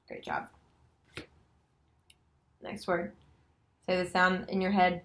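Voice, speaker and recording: A woman demonstrating a nonverbal reading lesson, slowly and patiently sounding out letters and words. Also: lowish voice, level tone, poor audio. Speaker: special education student teacher.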